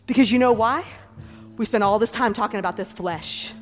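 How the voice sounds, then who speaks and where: A woman preacher giving an energetic sermon and calling on the congregation to repeat phrases, laughing often between points. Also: medium pitch, a little fast. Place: church hall with a congregation. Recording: hall reverb, faint background music.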